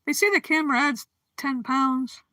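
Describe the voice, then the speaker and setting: High, bright-voiced giggly woman streamer. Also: normal speed, no room sound. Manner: chatty and giggly, greeting viewers by name; drowsy, yawning. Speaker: livestream host. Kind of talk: casual chat with live viewers.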